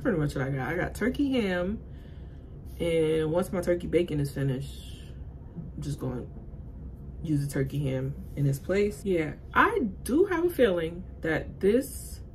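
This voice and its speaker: A woman's voice: unhurried, slight background noise, rough recording. Chatty woman vlogger, talks to y'all. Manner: chatty and animated, addresses viewers as y'all, jumps to high exclaims. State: out of breath. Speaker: fitness vlogger. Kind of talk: casual vlog chat to camera.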